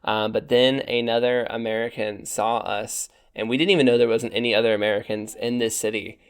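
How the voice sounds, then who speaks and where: A man's voice: medium pitch, brisk, smooth. Chatty young man co-hosting a podcast. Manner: relaxed, chatty, with fillers and restarts. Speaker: podcast co-host. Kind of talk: casual podcast chat.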